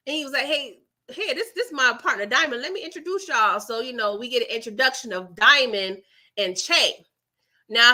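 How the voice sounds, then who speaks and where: Chatty lady recapping tv episodes, bright and kinda high, does little voices for the characters, keeps saying y'all. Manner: animated, acts out characters in quotes, laughs often; chatty, addresses viewers as y'all. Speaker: TV recap host. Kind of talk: casual recap and review.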